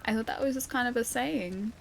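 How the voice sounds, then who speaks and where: A fairly high-voiced woman with an Australian accent from Melbourne, chatting away to her viewers as she plays. She talks casually and giggles often between remarks about the game. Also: a little fast, gravelly. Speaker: streamer. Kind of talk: casual gameplay chat.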